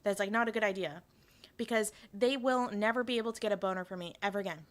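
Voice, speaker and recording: A woman chats casually on a live stream, rambling and giggling as she talks. Her speech is full of fillers and restarts, and her voice sits at a middle pitch for a woman. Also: fast.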